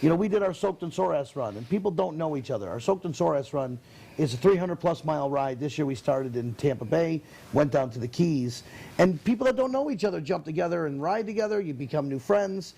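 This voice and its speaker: A man hosting a casual interview show, chatting in an animated way. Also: fairly high pitch, fairly quick, vocal fry, slightly rough. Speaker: host.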